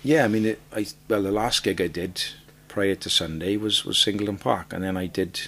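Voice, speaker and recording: A Welsh man with a deep, low voice talks as a guest on a podcast. He tells his stories with energy and often stumbles over the first words of a sentence before he gets going. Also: normal speed. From Wales. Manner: animated storyteller, repeats words when starting sentences. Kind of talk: casual chat.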